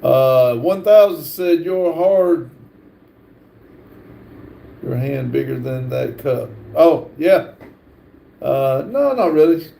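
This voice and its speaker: A man hosting a livestream, reading viewer comments aloud in a halting, stumbling way with lots of fillers. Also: on the high side, animated, gravelly, mellow, echoey room, slight background noise. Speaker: livestream host reading chat. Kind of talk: casual live chat, reading comments aloud.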